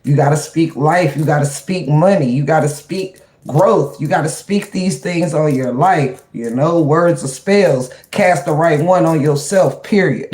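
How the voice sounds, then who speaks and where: A mid-range, slightly dark voice echoes through the room as a livestream host chats informally with viewers via a webcam or phone mic. They laugh often, greet chatters by name, and shift into a preachy, motivational tone.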